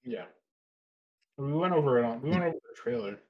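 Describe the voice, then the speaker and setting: A man co-hosting a casual chat, joking loudly, swearing and laughing a lot. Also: medium pitch, lively intonation, brisk, dull audio. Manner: loud, jokey, swears, bursts of laughter.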